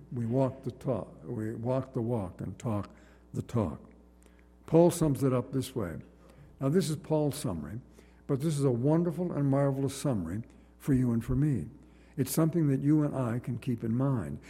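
A man preaching a sermon in an earnest, measured way, repeating phrases for emphasis, in a church. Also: mid-range voice, animated, dark tone, husky, big-room sound.

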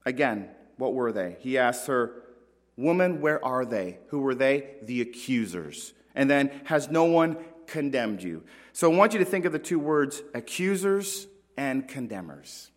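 A man preaching a sermon as pastor, earnest, with dramatic pauses and rising emphasis. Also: mid-range voice, big pitch swings. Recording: long reverb of a large hall.

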